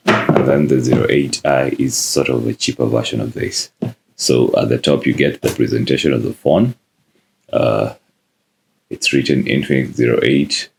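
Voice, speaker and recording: A man narrating a phone unboxing in a casual, relaxed way, with frequent "uh" fillers. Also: very deep voice, gravelly, a little hiss or hum. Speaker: tech reviewer.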